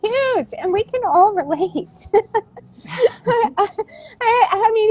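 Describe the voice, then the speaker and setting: A woman's voice: very high-pitched, darkish tone, lo-fi sound. A woman hosting a casual chat, enthusiastic and laughing often. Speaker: host.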